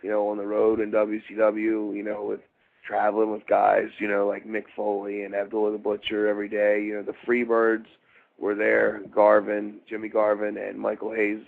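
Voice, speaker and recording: A man's voice: fairly low pitch, monotone, moderate pace, creaky. A middle-aged man from Baltimore, a former wrestler, telling rambling, meandering stories in an interview. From Baltimore, USA. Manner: meandering, full of fillers and restarts. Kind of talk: rambling shoot interview storytelling. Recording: phone-like interview line.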